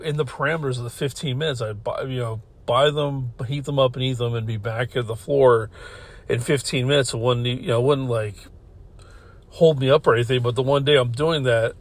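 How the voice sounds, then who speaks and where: Man with a middle-pitched voice, casual podcast storyteller in a car, rambling and profane, laughs often. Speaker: podcast host.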